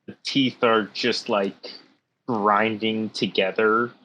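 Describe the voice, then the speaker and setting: A man's voice: lowish voice, level tone, slow pace, bright, forceful tone, muffled recording. A man playing in a tabletop game, describing his character's actions in a casual way. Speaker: player.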